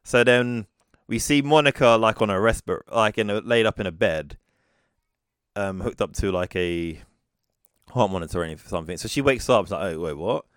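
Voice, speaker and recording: A man's voice: fairly low pitch, moderate pace, a bit bright, smooth, dry recording, clean studio sound. A man co-hosting a podcast, recapping a film in casual chat and acting out the characters' lines. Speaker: podcast co-host.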